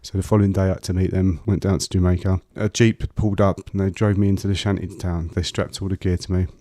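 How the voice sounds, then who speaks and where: Deep, flat-voiced man recounting his past. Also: no echo, clean studio sound. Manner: halting, many fillers and restarts. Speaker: guest. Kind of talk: personal storytelling in an interview.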